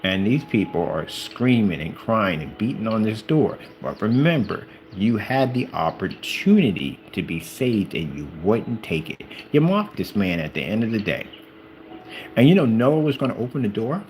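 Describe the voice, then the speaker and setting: A man's voice: lowish voice, sing-song, moderate pace, a little mellow, slight background noise, poor audio. A man giving an informal religious talk, emphatic and preachy, acting out the people in the stories he tells. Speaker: channel host.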